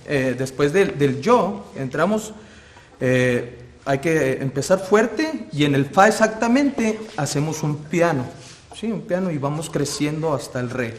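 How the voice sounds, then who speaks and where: A man explaining a passage to music students in a calm, methodical way. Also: on the high side, moderate pace. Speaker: music instructor. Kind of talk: music lesson.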